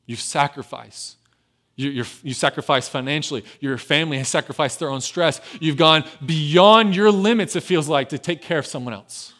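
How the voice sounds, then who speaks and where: A man preaching a sermon as pastor, dropping to a hushed, tender voice and then rising loud and urgent. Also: on the high side, moderate pace.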